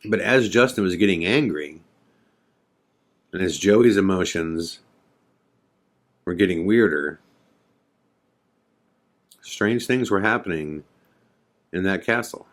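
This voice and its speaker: A man's voice: deep voice, animated, takes it slowly, long pauses. A man hosting a podcast, telling a story in a casual, conversational way full of fillers and quoted dialogue. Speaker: podcast host.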